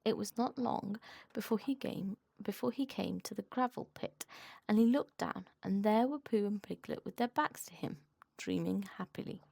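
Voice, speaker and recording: A woman reading a children's storybook aloud with expressive, animated narration. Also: mid-range voice, moderate pace, gravelly.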